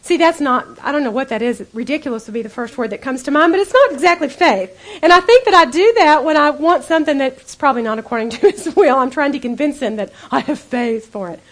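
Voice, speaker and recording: High-voiced woman telling prayer stories at a ladies' bible talk, earnest and chatty. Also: expressive, quick pace, hardly any pauses. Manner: earnest, conversational, acts out her own prayers in a hushed voice. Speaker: women's Bible teacher. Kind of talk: storytelling sermon to women.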